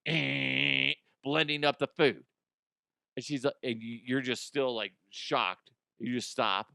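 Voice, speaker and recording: A man's voice: mid-range voice, moderate pace, vocal fry, bright, forceful tone, smooth, no echo, studio quality. Profane rambling man ranting on the news. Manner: profane, rambling, acts out imagined people. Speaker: comedy news host. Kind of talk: casual comedic news rant.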